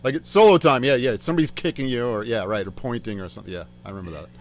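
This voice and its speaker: A man's voice: medium pitch, very fast. A man co-hosting a casual show, chiming in with agreement and shared memories. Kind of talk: casual chat.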